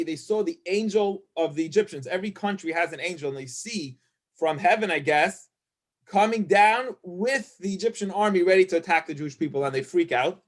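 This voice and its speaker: A male rabbi giving a casual Torah lesson, reading out Hebrew verses and paraphrasing them in chatty English. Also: high-pitched. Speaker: rabbi teacher.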